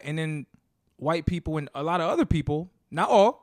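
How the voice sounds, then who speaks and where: A man's voice: a little high, lively intonation, brisk, dry recording, studio quality. A man co-hosting a casual podcast debate, talking animatedly and acting out quoted people in a raised voice. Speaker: podcast co-host.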